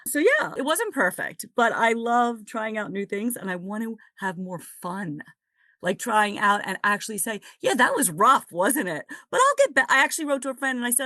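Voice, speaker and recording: A woman's voice: sing-song, normal speed, no echo, clean studio sound. A woman on a group coaching call, sharing in a cheerful, eager way. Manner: cheerful, eager, bright rises in pitch. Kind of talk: casual sharing. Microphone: video call.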